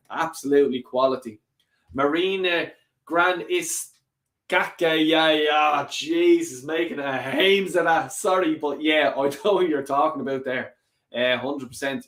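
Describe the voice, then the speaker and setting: A man hosting a football fan live stream, reading viewer comments in a lively, sweary way. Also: a little high, roomy sound. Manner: animated and sweary, rants and laughs often. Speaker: football fan channel host.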